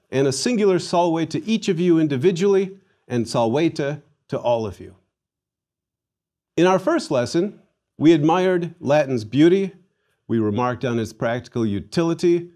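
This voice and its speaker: A middle-aged man delivers a Latin lesson at an unhurried, measured pace. He drills pronunciation with deliberate, theatrical emphasis on each Latin word, with a voice of middling pitch. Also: a little mellow. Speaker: Latin teacher. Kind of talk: recorded language lesson.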